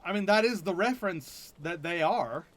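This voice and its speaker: A man's voice: sits high, expressive, normal speed, fairly bright tone. Chatty man streaming a game. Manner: musing, chatty, trails off and restarts. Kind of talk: casual game commentary.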